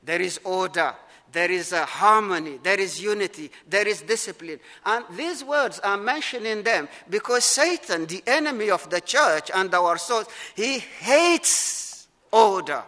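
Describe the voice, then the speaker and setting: A middle-aged male pastor preaching in a church, his high, bright voice carried by a long reverb. He is earnest and emphatic, slowing down and repeating phrases to drive points home. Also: expressive. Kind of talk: sermon. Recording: long reverb of a large hall.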